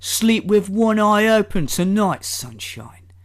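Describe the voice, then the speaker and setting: A man's voice: high voice, big pitch swings, slow pace, voice pushed up, full character voice. A man voicing a menacing male Cockney tough in a put-on Cockney accent, drawling out a threat.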